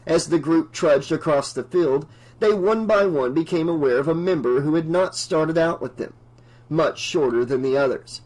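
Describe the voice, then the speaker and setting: A man narrating an unabridged novel audiobook in a steady storytelling manner. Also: on the high side, normal speed, rough recording.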